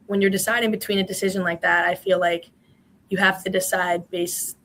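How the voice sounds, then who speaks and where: A woman's voice: fairly low pitch, flat delivery, a little fast, fairly bright tone, rough recording. A woman in her twenties, a former college swimmer, answering interview questions in a chatty way with many fillers.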